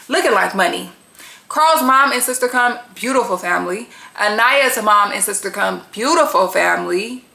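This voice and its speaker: A woman's voice: fairly high pitch, gravelly, pushed and bright, roomy sound. A woman giving a casual, blunt and profane recap of a reality dating show, full of slang and gossip.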